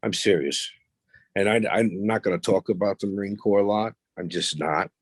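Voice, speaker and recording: A man's voice: fairly low pitch, moderate pace, no room sound. A man as a podcast guest, telling stories in a blunt, profane, boastful way. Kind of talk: casual storytelling interview.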